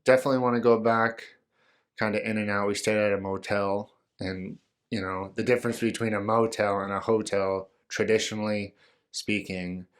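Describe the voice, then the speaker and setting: A man with a deep, low-pitched voice hosts his podcast solo and chats loosely. He rambles through stories with jokes and plenty of ums and uhs. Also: flat delivery, moderate pace, clear, resonant tone. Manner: rambling, joking, many fillers. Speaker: podcast host. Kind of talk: casual solo podcast talk.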